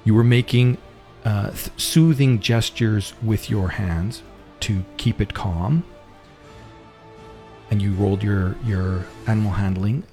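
A man narrating as game master of a tabletop game, relaxed and rambling, talking into a home mic on a voice call. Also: fairly low pitch, slow pace, soft background music.

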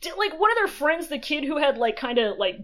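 A woman's voice: high voice, a little fast. A woman co-hosting a podcast, casually recapping an episode with lots of swearing. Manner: swears freely, animated retelling. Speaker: podcast co-host.

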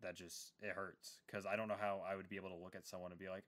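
A man's voice: low-pitched, flat delivery, quick pace, fairly bright tone. A man hosting a casual book interview, chatty and enthusiastic with plenty of fillers. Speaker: podcast host.

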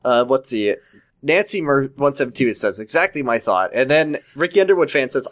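A man's voice: mid-range voice, lively intonation, fairly quick. A man reading a fan story aloud for laughs, hamming up the lines and joking between them. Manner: jokey, over-the-top dramatic reading. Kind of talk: comedic dramatic reading with chat.

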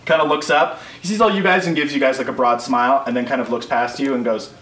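A man's voice: mid-range voice, fast talker, a bit bright. A man narrating as game master in a casual, rambling way, full of fillers and restarts. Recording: roomy, distant mic with faint noise.

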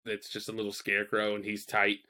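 A man's voice: fairly low pitch, completely flat delivery, fairly quick, sharp tone. A man co-hosting a podcast, chatting casually about films in a rambling, profane way, full of fillers and quoted asides. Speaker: podcast co-host. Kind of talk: casual chat reviewing films.

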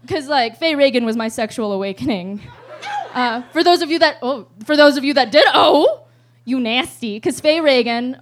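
A young adult woman performing a live stand-up set, telling profane, animated stories with loud outbursts and frequent laughter mid-sentence. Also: fairly high pitch. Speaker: stand-up comedian. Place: live show stage.

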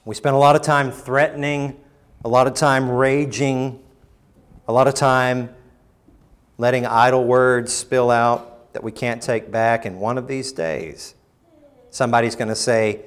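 Man, pastor, sermon, emphatic bursts, quiet drops, mock voices for quotes. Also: fairly even intonation, measured pace, smooth. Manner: rising to emphatic bursts, then dropping low and quiet.

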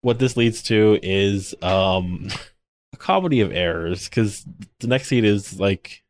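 This is a man co-hosting a podcast, recapping an episode in loose, casual chat. His voice sits a little low. He rambles through the story with constant "like" fillers and tells the scenes with animated energy. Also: takes it slowly. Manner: rambling, many "like" fillers, animated retelling with laughs. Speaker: podcast co-host.

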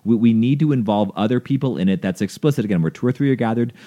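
A man's voice: medium pitch, fast talker, warm tone, muffled recording. A man talking earnestly about faith in a casual conversation, acting out little dialogues as he explains.

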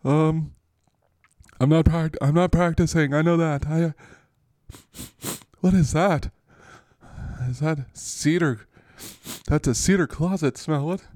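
A man voicing a dazed, concussed male football player who talks in halting, bewildered questions. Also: fairly high pitch, fairly even intonation, darkish tone, no room sound, studio quality, voice pushed up. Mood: confused.

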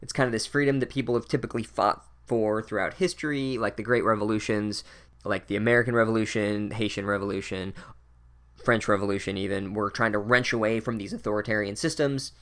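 A man's voice: on the low side, steady tone, brisk, fairly bright tone. Sardonic swearing man recapping a book. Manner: sardonic, swears a lot, wry. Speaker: podcast host recapping a book. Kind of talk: casual profane commentary.

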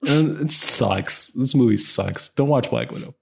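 A man's voice: medium pitch, unhurried, creaky, noisy background. A man co-hosting a casual film chat, sarcastic and ranting, his voice jumping up when annoyed. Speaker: podcast co-host.

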